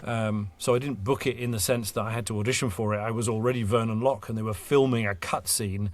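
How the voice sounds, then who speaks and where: A man's voice: fairly low pitch, steady tone, fast talker. A man, a voice actor guest, chatting casually on a podcast in a rambling, self-deprecating way.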